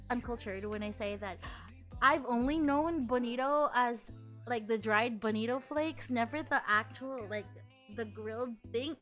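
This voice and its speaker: Laughing often and cursing casually, a VTuber streamer from the Philippines keeps up a lively, relaxed conversation with her chat. Her voice is fairly high.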